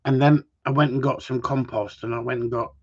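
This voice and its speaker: A man's voice: medium pitch, steady tone, a little fast, slightly rough. A man chatting and joking on a livestream, rambling and swearing as he talks to viewers. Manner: rambling, swears, jokey banter. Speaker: livestream host. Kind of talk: casual chat to a live audience. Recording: dull lo-fi sound.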